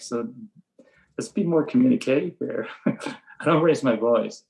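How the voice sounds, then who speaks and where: An older American coach of high school baseball speaks unhurriedly in a medium-pitched, creaky voice, recounting his practice methods in a relaxed interview. He's matter-of-fact throughout, occasionally acting out what he bluntly tells his players, and the audio is poor.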